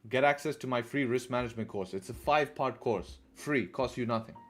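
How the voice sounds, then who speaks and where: Speaking a little fast at medium pitch, a male host runs a trading livestream with soft music behind him. He addresses viewers casually, repeatedly adds "right?", and makes profane side comments.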